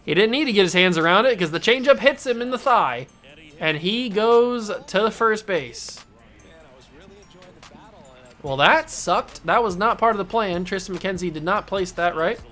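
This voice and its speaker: Excitable man calling his own game. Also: sits high, normal speed, soft background music. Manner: excitable play-by-play, talks to himself and the game. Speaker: gaming channel host. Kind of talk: let's play commentary.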